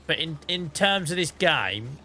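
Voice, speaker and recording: A tired game streamer with a headache chats casually to his live-stream viewers as he plays, thinking aloud and swearing now and then. His voice sits on the high side, sing-song and unhurried with a sharp tone, and there's a little hiss or hum.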